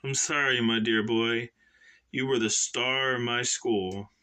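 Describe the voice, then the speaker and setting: An older, sinister grandmaster, voiced by a man reading his own novel, coaxes his former pupil in a fond voice that turns quietly menacing. The tone is bright and pointed. The delivery is unhurried. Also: medium pitch, fairly even intonation, smooth. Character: older male emperor turned sinister grandmaster. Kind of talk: self-published novel read aloud.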